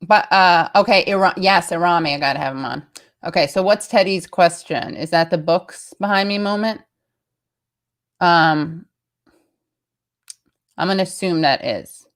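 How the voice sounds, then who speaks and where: Woman in her thirties, American accent, livestream host. Casual, meandering chat, voice sits a bit low. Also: measured pace, pauses often. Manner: rambling, chatty, reading viewer comments aloud. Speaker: show host.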